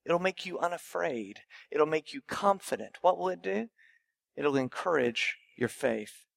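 A man's voice: a little high, animated, unhurried, vocal fry, fairly bright tone. A male pastor preaching a sermon, emphatic, with rhetorical questions and repeated phrases.

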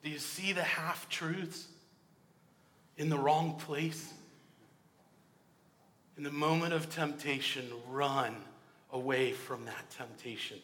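Impassioned high-voiced male preacher. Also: fairly even intonation, slow, pauses often. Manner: impassioned, swinging from hushed to loud. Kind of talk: sermon. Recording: long hall reverb.

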